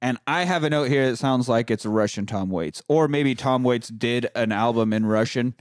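A man telling a movie's plot in loose, profane podcast chat. His voice sits at a middle pitch and sounds dry and close, with little room around it. He jumps between storytelling and jokes. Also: moderate pace, dry recording. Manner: animated storytelling with crude humor. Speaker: podcast host recapping a film. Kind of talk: casual chat.

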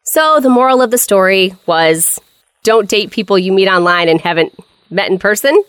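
A woman's voice: medium pitch, lively intonation, normal speed, fairly bright tone, clear, resonant tone, no room sound. Chatty woman podcast host, dry sound. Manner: chatty, wry storyteller. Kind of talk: casual storytelling chat.

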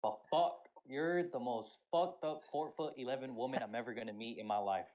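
A man's voice: mid-range voice, normal speed, phone-quality sound. A young man on a podcast telling an army story in casual chat, profane and full of acted-out quotes. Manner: animated, profane, acts out quotes. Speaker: podcast co-host.

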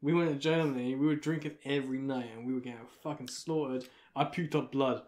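A man's voice: mid-range voice, fairly even intonation, brisk, darkish tone. A man, a podcast co-host, telling crude, laddish stories in casual banter with friends.

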